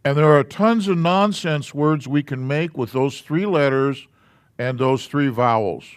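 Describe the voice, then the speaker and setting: Slow patient man teaching a class. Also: a little high, clean tone, no room sound, studio quality. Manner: slow, patient, explaining step by step. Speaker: Hebrew alphabet teacher. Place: church classroom.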